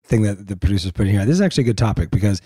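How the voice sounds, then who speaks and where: A man's voice: fairly low pitch, lively intonation, very fast, dark tone, slightly rough, no echo, clean studio sound. A middle-aged man co-hosting a podcast in casual chat, blunt and pressing his point. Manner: blunt, pushes his point, talks over her. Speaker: podcast co-host.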